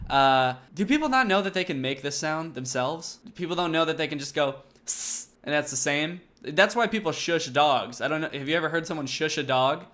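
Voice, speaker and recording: A young man in his twenties doing sarcastic comedy commentary on his channel, with deadpan mock enthusiasm. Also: fairly high pitch, fairly quick, hardly any pauses. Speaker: comedy YouTuber.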